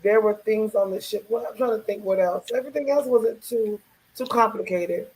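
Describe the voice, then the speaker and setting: A woman's voice: mid-range voice, normal speed, poor audio. A woman on a talk show chatting casually about a trip, with a voice she says is going. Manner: chatty, lively storyteller. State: losing her voice. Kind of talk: casual chat.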